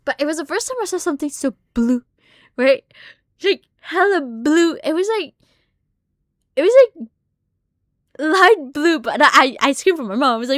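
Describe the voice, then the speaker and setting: A young woman streamer tells a story with a high, lively voice. She swears freely and her voice jumps up when she acts out the scene. The sound is close and dry, with no room echo. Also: moderate pace, long pauses. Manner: animated, swears a lot, shrieks in retold moments. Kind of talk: casual live-stream storytelling.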